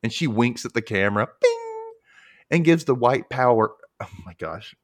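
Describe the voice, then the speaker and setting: Animated man recapping with lively pitch. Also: normal speed. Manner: animated retelling, frequent laughter, acts out quotes. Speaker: podcast host recapping a cartoon. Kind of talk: casual podcast chat.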